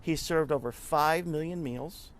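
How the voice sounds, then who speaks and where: A man's voice: fairly high pitch, measured pace, a little hiss or hum. A man guest in an interview, telling stories in an earnest, conversational way and often repeating words as he talks. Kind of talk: conversational storytelling.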